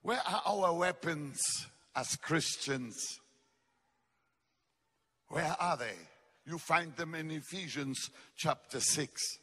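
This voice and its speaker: A male preacher delivering a fervent sermon, exhorting his listeners and shouting out lines. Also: on the high side, slow, husky, in a large hall. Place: large church hall.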